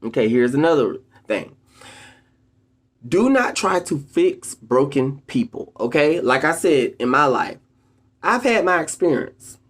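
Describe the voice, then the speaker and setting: Speaking straight to camera in a mid-range voice, a video host offers casual motivational advice. He's an animated storyteller who keeps turning to the audience with emphatic, stretched-out phrases.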